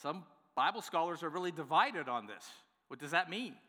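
A man preaching a sermon as pastor, playful and lively, acting out the excuses people give. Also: fairly high pitch, normal speed, long reverb tail. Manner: lively, playful, acts out congregants' replies. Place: church worship center.

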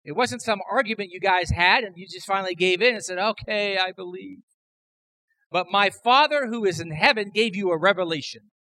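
A man preaching a sermon as pastor, emphatic, building to loud repeated declarations. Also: sits high, moderate pace, no echo, poor audio.

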